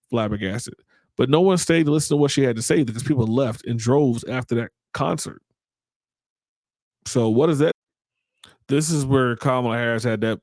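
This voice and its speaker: A man's voice: medium pitch, a little mellow, no room sound, studio quality. A man hosting a podcast, delivering blunt, indignant opinion commentary and often restarting his sentences. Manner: blunt, indignant, repeats himself while thinking. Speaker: podcast host.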